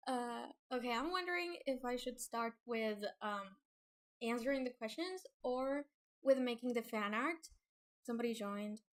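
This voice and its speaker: A young woman chatting casually on a livestream about her comic, nervous and giggly, halting with many fillers and restarts. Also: fairly high pitch, lively intonation. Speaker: webcomic creator streaming.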